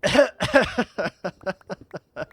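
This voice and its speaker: Guy streaming games, giggly and teasing, bouncy lively pitch, slow easy talk. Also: breathy edge. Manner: giggly, laughs at his own jokes; teasing, playful banter with chat. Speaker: game streamer. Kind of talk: casual live-stream chat while gaming.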